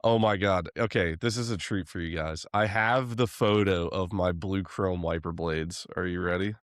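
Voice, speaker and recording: A man in his thirties hosting a casual car podcast, relaxed and self-deprecating as he asks questions. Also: deep voice, normal speed, clean tone, dry recording, studio quality. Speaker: host.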